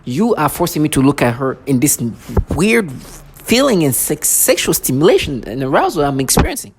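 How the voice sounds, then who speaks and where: A man's voice: a little high, very animated, normal speed, few pauses, noisy background. A man talking to camera in an agitated, rambling monologue, often repeating and restarting his phrases. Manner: agitated, repetitive, many restarts. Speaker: vlogger.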